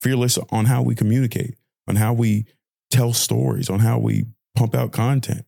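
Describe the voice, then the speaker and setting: A man's voice: mid-range voice, fairly even intonation, normal speed, vocal fry, warm tone, dry recording. A young man hosting a podcast, delivering an impassioned audio-diary rant with lots of repeated phrasing. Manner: impassioned ranting, repetitive phrasing. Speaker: podcast host.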